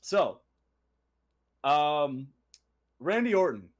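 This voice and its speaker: A young man co-hosting a casual podcast, telling stories in an animated way with laughs and quoted voices. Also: fairly high pitch, very slow. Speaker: co-host.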